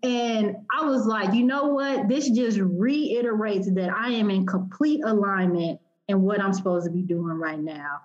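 A woman's voice: medium pitch, measured pace, hardly any pauses. Young woman telling her story all fired up, kinda muffled lo-fi audio. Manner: animated, emotional, quotes herself and others. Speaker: guest. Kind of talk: personal storytelling.

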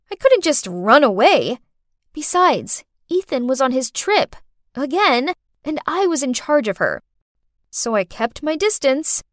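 Lively woman telling a dramatic story. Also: high voice, no echo, clean studio sound. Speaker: narrator. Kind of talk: first-person storytelling podcast.

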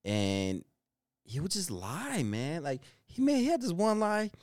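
A man's voice: on the high side, sing-song, unhurried, a little mellow, dry recording, studio quality. A man co-hosting a podcast, telling workplace stories in a casual chat, swearing freely and often breaking into laughter. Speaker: podcast co-host.

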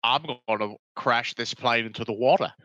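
A man's voice: medium pitch, normal speed, bright, forceful tone, dull audio, voice pushed down, lightly acted. A man doing a mock-Australian movie star. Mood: smug. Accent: put-on Australian. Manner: jokey, offhand impression. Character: a famous older male actor, mock Australian, blithe and reckless. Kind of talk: podcast comedy bit.

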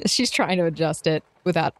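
Lively young woman playing her character. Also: fairly low pitch, no room sound. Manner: lively, laughing, animated in character. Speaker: player. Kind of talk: tabletop role-play, narrating her character.

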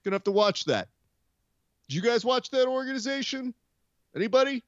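A man's voice: very high voice, lively intonation, a little fast, dry recording, dull audio, voice pushed up. A man doing an impression of an evasive male fight promoter who stalls with fillers and dodges questions.

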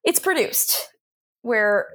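Young woman podcast co-host, lively casual storyteller who laughs a lot. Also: fairly high pitch, very slow. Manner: animated storytelling, laughs often, swears. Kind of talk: casual chat.

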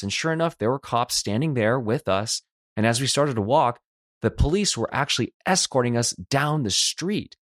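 A man's voice: medium pitch, no echo, clean studio sound. Earnest man telling a personal story. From Los Angeles. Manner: earnest, reflective, voices quoted people himself. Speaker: podcast host.

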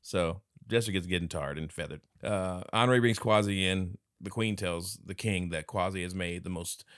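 A man co-hosting a casual podcast movie review, retelling scenes and breaking into quick character voices and laughter. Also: deep voice, fairly bright tone, smooth, no echo, studio quality. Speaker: podcast co-host.

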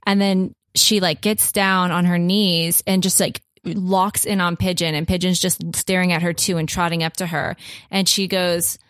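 A young adult woman telling a long story as a podcast guest, chatty and full of "like" and "um", switching into a higher voice to act out what others said. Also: level tone, normal speed, fairly bright tone, no echo, studio quality. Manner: chatty, heavy use of "like" and "um"; acts out others' lines in a raised voice. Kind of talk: casual storytelling.

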